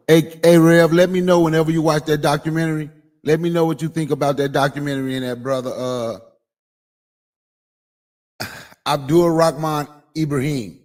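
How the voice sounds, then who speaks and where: A man's voice: a little high, darkish tone. A man from Mississippi presenting history in a laid-back, casual way, with Southern vernacular. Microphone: online call.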